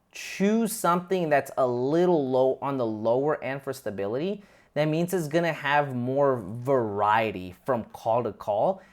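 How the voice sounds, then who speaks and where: Guy explaining app settings step by step, informal, fast bursts, restarts a lot, middle pitch. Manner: chatty and informal, narrates his clicks as he goes; quick bursts with frequent restarts. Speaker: tutorial host. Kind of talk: casual software walkthrough.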